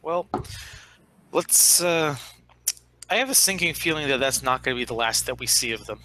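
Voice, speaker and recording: A man's voice: medium pitch, lively intonation, normal speed, sharp tone, rough recording. A man playing in a tabletop game, making wry, sardonic remarks. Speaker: player. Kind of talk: casual chat during a tabletop game.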